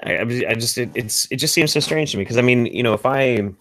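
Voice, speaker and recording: A man's voice: mid-range voice, fast talker, fairly bright tone, no room sound. An American man hosting a casual streamed chat, rambling loosely and swearing freely, with lots of restarts. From United States. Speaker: host.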